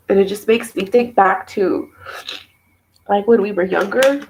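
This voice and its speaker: A woman's voice: mid-range voice, steady tone, normal speed, vocal fry, a little hiss or hum, poor audio. A young woman and mother, tearful and emotional, venting at length in a personal vlog, rambling with many fillers. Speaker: mother talking to camera.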